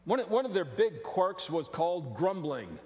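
High-voiced joking pastor in a reverberant hall. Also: male voice, unhurried. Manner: animated and joking, with frequent restarts. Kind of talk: sermon. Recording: long reverb of a large hall.

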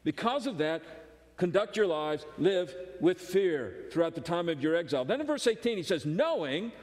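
A man preaching a sermon as pastor, emphatic, moving between loud urgency and hushed intensity. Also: a little high, very animated, normal speed, in a large hall.

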